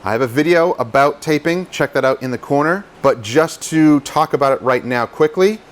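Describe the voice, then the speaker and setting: A man's voice: a little high, moderate pace. A man who details cars, explaining paint polishing in a casual, chatty how-to style and joking at his own expense. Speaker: car detailer teaching polishing.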